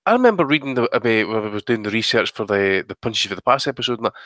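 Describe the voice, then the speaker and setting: A man's voice: lowish voice, animated, racing, fairly bright tone, dry recording. A man co-hosting a boxing podcast, ranting with lots of swearing and exasperation. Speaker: podcast co-host. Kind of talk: casual podcast chat.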